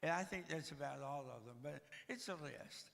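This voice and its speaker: Older man in his sixties, heavy audible breathing, gravelly and bright tone, joking self-deprecating testimony. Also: on the high side, moderate pace. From Tennessee, USA. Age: 60s. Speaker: guest speaker. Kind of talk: humorous personal testimony. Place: church sanctuary. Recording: reverberant church hall.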